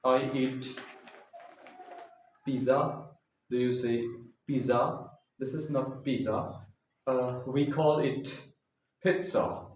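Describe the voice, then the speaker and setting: A man teaching English pronunciation, saying each word slowly and repeating it several times so the listener can copy him. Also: mid-range voice, darkish tone. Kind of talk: slow, deliberate pronunciation lesson. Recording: echoey room, distant mic, faint hiss.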